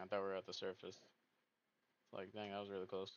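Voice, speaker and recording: A man's voice: deep voice, completely flat delivery, fast talker, clean tone. A man thinking aloud as he hosts casual gameplay commentary, rambling and poking fun at himself. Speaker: gaming video host. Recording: dull lo-fi mic with faint noise.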